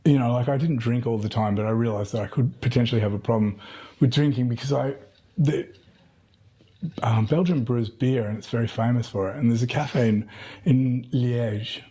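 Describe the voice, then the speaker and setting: A middle-aged man with a husky, mellow voice wanders through anecdotes in a relaxed interview. His tone is dark and breathy, and he keeps stopping to restart his sentences. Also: medium pitch, moderate pace. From Tasmania, Australia. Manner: rambling storyteller with many fillers and restarts. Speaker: guest. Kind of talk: casual conversational interview.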